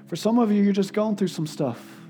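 Earnest preacher man, music behind. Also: a little fast. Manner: earnest, tearful in places, drops to soft low tones for quotes. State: crying at times. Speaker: guest preacher. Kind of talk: sermon.

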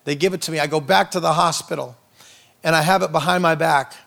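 Man, guest minister, humorous storytelling sermon, asides to the crowd, fairly high, gravelly. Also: steady tone, fast talker, a bit bright. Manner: jokey storytelling with asides to the audience. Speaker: itinerant minister, guest speaker.

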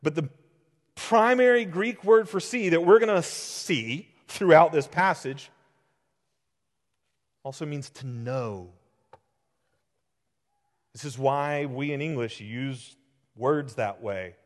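A man in his thirties preaching a sermon as pastor, earnest and emphatic, rising to strong peaks and dropping to hushed lows. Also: a little slow. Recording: long reverb of a large hall.

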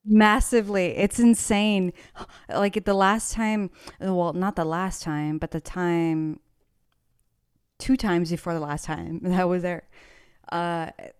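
A woman's voice: fairly low pitch, steady tone, slow, clear, resonant tone, dry recording, studio quality. A woman guest on a talk show, chatting casually and acting out the people she quotes, laughing often. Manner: bubbly, laughs a lot, acts out quoted people. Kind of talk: casual storytelling.

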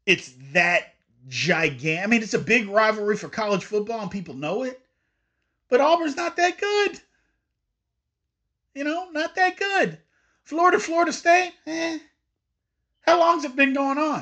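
A man hosting an opinionated sports talk show, high-pitched and swinging widely up and down as he argues his points. His tone is bright and forceful, and he talks emphatically, sometimes slipping into mock voices of fans. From Indiana. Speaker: sports podcast host.

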